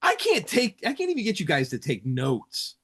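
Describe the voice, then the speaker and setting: A man's voice: high-pitched, wildly swooping pitch, moderate pace, husky. A man hosting a podcast and chatting casually with friends, teasing them and laughing often. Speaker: podcast host. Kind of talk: casual chat.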